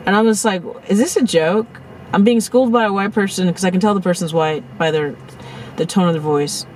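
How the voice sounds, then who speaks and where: A woman vlogging in a casual storytelling style outdoors, shaken and in shock, talking fast and cursing as she retells a crash and acts out what people said. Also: on the low side, a little hiss or hum, rough recording. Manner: profane, animated, rants and acts out quotes. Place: outdoors near a parking lot by the beach.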